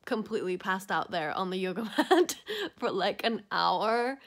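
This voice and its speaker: A woman's voice: mid-range voice, lively intonation, normal speed. A tired woman chatting casually at home in a rambling vlog, giggling often and dropping into whispered asides. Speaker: vlogger. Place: at home indoors.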